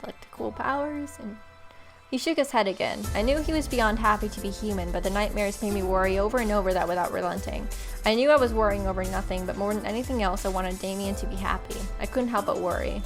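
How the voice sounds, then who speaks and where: A young woman reads a romance visual novel aloud in an expressive voice of middle pitch, now and then adding playful commentary of her own. Faint music plays behind her. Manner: expressive reading with joking asides. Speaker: game player reading aloud.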